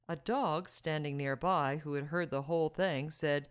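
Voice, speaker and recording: A woman storyteller narrating a folk tale for children in an expressive, sing-song way. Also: deep voice, measured pace, hardly any pauses, a little hiss or hum. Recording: music bed behind.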